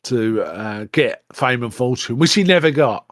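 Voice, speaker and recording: A man's voice: medium pitch, expressive, a little slow, no echo, clean studio sound. A man chatting casually about a film, retelling scenes and acting out the characters' lines with lots of fillers. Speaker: podcast co-host.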